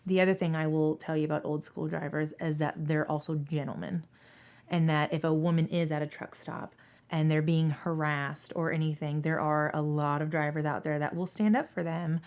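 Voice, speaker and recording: A woman in her thirties from Seattle answers interview questions as a dispatcher. She talks candidly and earnestly, repeating her points for emphasis. Her voice sits a touch low for a woman. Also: flat delivery, moderate pace, a little mellow. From Seattle, Washington State.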